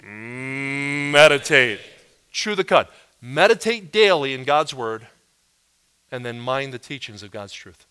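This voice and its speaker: A man preaching a sermon as pastor, animated and emphatic, pushing up his voice on key words. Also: medium pitch, measured pace, smooth.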